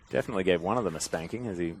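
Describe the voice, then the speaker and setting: A man calling an esports match play-by-play, swinging from relaxed chatter to loud, fast calls in big fights. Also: sits low, slight background noise. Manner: excitable, rising loud and fast in big plays. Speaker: esports commentator.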